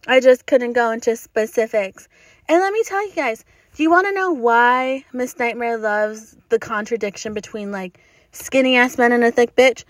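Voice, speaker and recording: A woman's voice: a little high, normal speed, no room sound. A young woman hosting a solo podcast from inside a car, talking bluntly with lots of swearing and frequent laughter. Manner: profane, blunt, laughing often. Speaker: podcast host.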